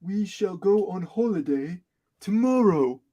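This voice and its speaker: A man voicing a jolly, reassuring cartoon father pig in a slow, stately manner. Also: high voice, animated, warm tone, pitched above the performer's own voice.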